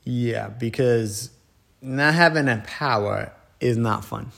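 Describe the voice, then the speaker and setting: A man's voice: medium pitch, takes it slowly, creaky, fairly bright tone. A man co-hosting a podcast in casual chat, chiming in with short, laid-back remarks. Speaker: podcast co-host.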